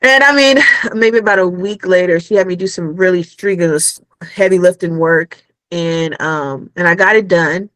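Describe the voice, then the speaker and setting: Guest voice: woman, Caribbean accent, lively storyteller, dry close sound. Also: on the low side, moderate pace, dry recording, poor audio. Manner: animated, acts out quoted dialogue. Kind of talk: casual storytelling chat. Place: Los Angeles.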